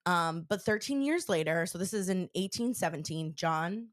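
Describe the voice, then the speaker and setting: Podcast co-host, young woman, lower voice, chatty and excitable, dry close mic. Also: moderate pace, no echo. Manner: chatty, lots of "like" fillers, excitable. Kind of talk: casual storytelling chat.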